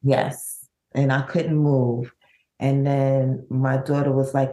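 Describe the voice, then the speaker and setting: A middle-aged woman, a bereaved mother, telling her story in an interview, with halting, vivid recounting and many restarts. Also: very deep voice, level tone, warm tone. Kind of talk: emotional personal storytelling.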